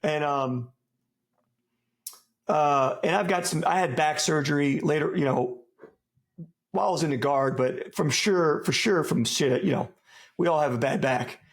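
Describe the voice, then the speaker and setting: Long pauses break up this slightly high, slightly slow male voice. He's a former soldier from the States, talking casually and profanely as an interview guest with plenty of buddy slang, circling back, restarting, and drifting into asides.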